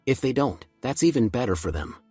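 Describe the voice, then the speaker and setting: Man voicing a cold young fighter, calm clipped threats, husky voice, dry sound, recap story. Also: mid-range voice, brisk, no echo, faint music behind. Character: cold, supremely confident young male fighter.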